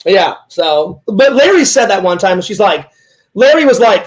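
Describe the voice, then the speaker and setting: High-voiced rambling man telling stories. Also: very animated, normal speed, low-quality recording. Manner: rambling storyteller, repeats himself, acts out what people said. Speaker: host. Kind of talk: casual chat.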